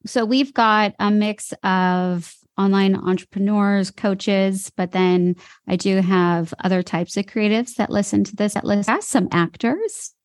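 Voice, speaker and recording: A woman's voice: medium pitch, measured pace, hardly any pauses, no echo, clean studio sound. A woman hosting a podcast, speaking in a thoughtful, reflective way. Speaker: podcast host. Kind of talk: casual interview chat.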